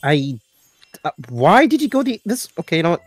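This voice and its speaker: A man's voice: a little high, sing-song, normal speed, no echo, soft background music. A man streaming a game with a friend, talking in a casual, laughing, self-deprecating way. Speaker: collab streamer. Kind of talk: casual gaming chat.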